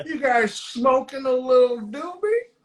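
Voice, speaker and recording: A man mimicking a gruff small-town male sheriff bullying teenagers, in a mocking, exaggerated high drawl. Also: expressive, unhurried.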